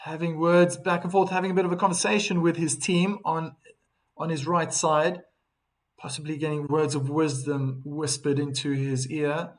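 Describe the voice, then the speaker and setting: A man giving live play-by-play tennis commentary on a stream, calm between points, livelier on big shots, reading viewer chat aloud. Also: fairly high pitch, moderate pace.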